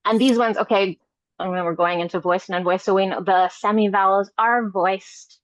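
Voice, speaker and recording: A woman's voice: mid-range voice, fairly bright tone, no room sound. A woman on a video call leading a Sanskrit study group. She explains a chart hesitantly with many fillers and asks the group questions. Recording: dull, dry video-call audio.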